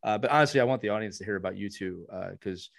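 A man's voice: lowish voice, rapid-fire, gravelly. Rambling male podcast host. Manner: warm, rambling, many restarts. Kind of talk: casual podcast chat.

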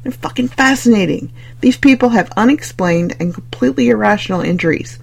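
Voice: mid-range voice, animated, brisk, vocal fry, slightly rough. An audiobook narrator reading fiction in a wry, conversational manner. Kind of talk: scripted narration.

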